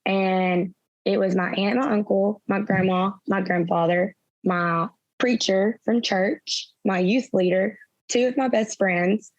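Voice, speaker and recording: A woman's voice: mid-range voice, steady tone, slow, dry recording. Young woman telling her story, dull dry sound. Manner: retells events through quoted dialogue, many "I was like". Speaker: interview guest. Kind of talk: personal storytelling in an interview.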